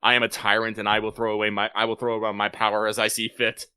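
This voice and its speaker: A man co-hosting a podcast, chatting casually in an animated, joking way. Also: fairly low pitch, clean tone, no room sound, studio quality. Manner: animated, joking, quick to laugh. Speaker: podcast co-host. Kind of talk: casual chat.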